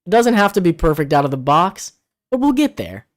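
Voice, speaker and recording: A high-pitched, sing-song male voice moves at a brisk clip as he co-hosts a casual livestream. Chatting from home in the Philippines, he reads viewer comments aloud, and an out-of-frame camera-mounted mic records him.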